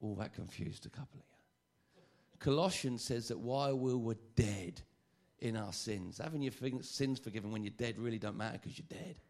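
A man preaching a sermon, lively and joking, often stammering and repeating phrases. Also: medium pitch, moderate pace.

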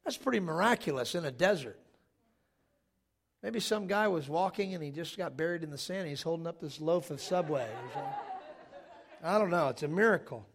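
A man preaching to a live congregation in a church, his voice pitched high. He reads scripture with loud, forceful emphasis and then drops into quick, joking asides. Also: expressive, vocal fry. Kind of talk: sermon with humor.

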